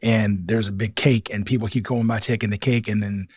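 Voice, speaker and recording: A man hosting an interview podcast, asking questions in a quick, friendly conversational way. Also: fairly low pitch, steady tone, a little mellow, breathy edge, no echo. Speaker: podcast host.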